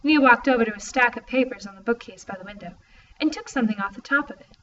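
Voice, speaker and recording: Woman reading a ya audiobook, bright lively voice, sounds far from the mic, kinda muffled. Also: fairly high pitch, fast. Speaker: audiobook reader. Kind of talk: first-person audiobook narration. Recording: distant, muffled, faint hiss.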